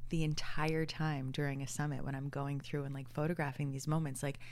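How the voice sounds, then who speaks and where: A woman guest talking casually about her work as a photographer, animated and often laughing, her voice jumping up when she quotes herself. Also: low-pitched, fairly quick. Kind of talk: casual podcast conversation.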